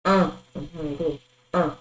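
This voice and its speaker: A woman teaching a French numbers lesson, saying each word twice and pausing with fillers. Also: low-pitched, steady tone, reverberant, poor audio. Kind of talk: language lesson, drilling numbers.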